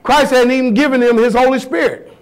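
A man's voice: extremely high pitch, steady tone, a little fast, clear, resonant tone. A man preaching a sermon as pastor, firing blunt rhetorical questions at his congregation in a folksy, emphatic way.

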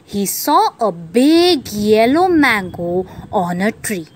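A woman teacher reading a children's story aloud to young kids in a slow, encouraging voice. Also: mid-range voice, big pitch swings. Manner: slow, sing-song, encouraging.

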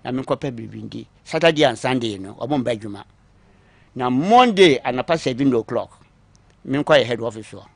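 A man recounting his own long story on a talk show, acting out what others said to him, moving between quiet asides and louder bursts. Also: mid-range voice, lively intonation, brisk, vocal fry, dry recording. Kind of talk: call-in story telling.

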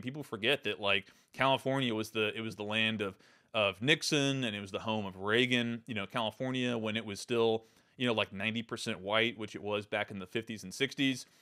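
A man's voice: on the low side, pushed and bright. A man hosting his own show, talking through political commentary in an emphatic, loose way, often restarting and repeating words. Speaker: podcast host.

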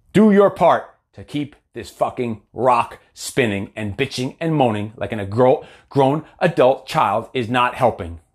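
A man in his forties, a coach giving a blunt, profane, fired-up motivational talk. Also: mid-range voice. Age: 40s. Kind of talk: motivational monologue.

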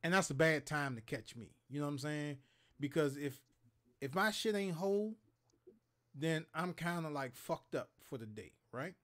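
A fairly high-pitched man at normal speed co-hosts a gaming talk show. In his thirties and from Maryland, USA, he's an animated, profane storyteller on a casual livestream who acts out other people's lines.

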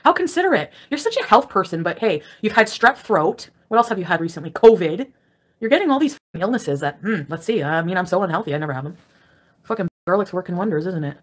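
Woman, casual livestream rant from bed, combative and profane, talks quickly. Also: on the low side, animated. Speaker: livestreamer ranting to viewers. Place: at home, lying in bed.

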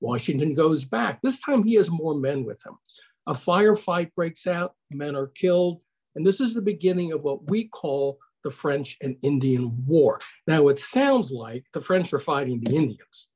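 A man's voice: fairly high pitch, animated, normal speed, a little mellow, husky. An older man giving a conversational online history lecture over a video call, putting questions to his audience.

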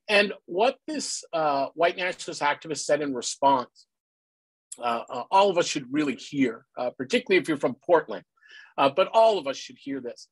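A man speaking earnestly at a public panel, often pausing on "uh" and checking in with "right?". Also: on the high side, expressive, slightly rough, no echo, poor audio. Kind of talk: public talk. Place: based in the Pacific Northwest.

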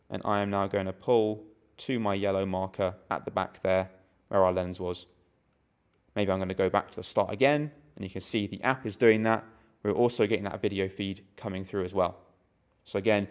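A man's voice: fairly low pitch, a little mellow. A man giving a hands-on tech tutorial as a product demonstrator, explaining each step steadily as he goes.

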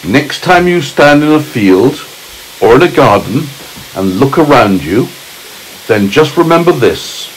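Storybook earthworm, male, boastful know-it-all, voiced by a father reading aloud, slow and lively in pitch. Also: a little hiss or hum, rough recording. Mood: proud. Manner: proud, lecturing storybook voice. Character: proud, chatty male earthworm.

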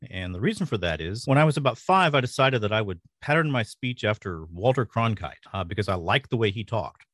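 A middle-aged man from rural Louisiana with a mostly neutral American accent and a faint Louisiana trace, talking fast and thoughtfully as a podcast guest. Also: fairly low pitch, lively intonation, fairly bright tone, dry recording, clean studio sound. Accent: mostly neutral American, slight Louisiana. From rural Louisiana, USA. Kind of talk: casual interview.

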